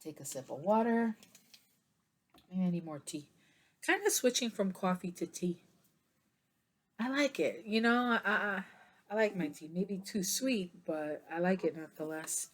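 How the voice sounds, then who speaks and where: Tired woman, tarot reader, slow chatty delivery, lowish voice, rambling with fillers. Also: expressive. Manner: chatty and meandering, many fillers, breaks into soft singing. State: tired, yawning. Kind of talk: casual tarot reading to camera.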